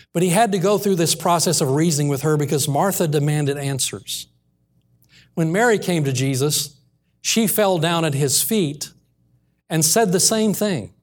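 A man preaching a sermon in a church, reading scripture aloud and slowing down earnestly on the key lines. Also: a little high.

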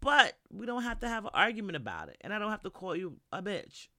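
A New York woman hosts a podcast, speaking directly to the listener in a casual monologue of blunt, profane, candid storytelling. Her medium-pitched voice is sing-song, fast, bright and forceful, recorded in a dry, dead room with no room sound.

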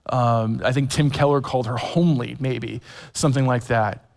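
A man's voice: medium pitch, steady tone, moderate pace, gravelly, a little mellow, in a large hall. A man in his forties preaching a sermon, telling stories with self-deprecating humor, many fillers and restarts. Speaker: pastor. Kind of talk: sermon with personal storytelling.

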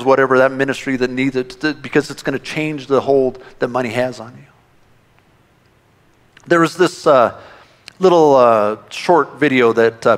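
A pastor with a medium-pitched voice preaches to his church in an animated, conversational manner, frequently starting his sentences over.

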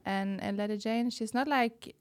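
A woman's voice: a little high, moderate pace, no room sound. A young woman with a Norwegian accent, a native Norwegian speaker, chatting casually as an interview guest in a café, hesitant with many fillers and restarts. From Norway. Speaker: guest, burlesque dancer. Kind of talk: casual conversation.

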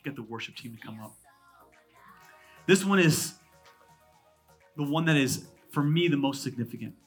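A man in his thirties, a pastor from California, preaching a sermon. He jumps between loud, emphatic lines and hushed asides, with quick, conversational humor. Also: fairly high pitch, animated, slightly rough, soft background music.

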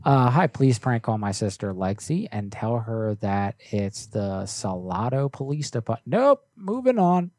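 A man's voice: mid-range voice, big pitch swings, a little slow, few pauses, a little mellow, dry recording, clean studio sound. A young man hosting a prank call livestream, reading viewer requests in an offhand, joking way with some swearing. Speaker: prank call streamer host. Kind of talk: casual livestream chat.

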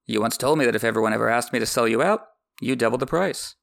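A man's voice: medium pitch, fast, gravelly, fairly bright tone. A man voicing a blunt, mercenary male sellsword who talks in a mocking, no-nonsense way.

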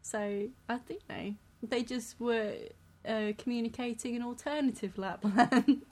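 Casting note: chatty woman co-host from the UK, giggly, rambling, higher voice. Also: steady tone, measured pace, a little mellow. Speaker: podcast co-host. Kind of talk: casual chat.

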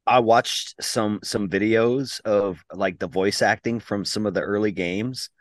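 Excitable cussing dude on a podcast, mid voice, dry close sound. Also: male voice, lowish voice, measured pace, no echo. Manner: excitable, swears freely. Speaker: podcast co-host. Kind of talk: casual chat.

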